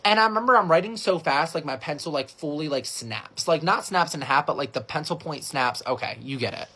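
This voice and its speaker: A young man rattles through a storytime at a quick clip, his voice bright and forward. He keeps it casual, says "like" constantly, and jumps up high when he acts out what people said. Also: animated. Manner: filler-heavy with lots of "like". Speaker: storytime creator.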